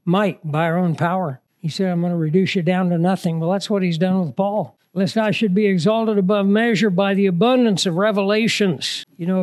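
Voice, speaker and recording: A man's voice: sits high, darkish tone. A man preaching a sermon in a conversational manner, mixing scripture reading with humorous asides.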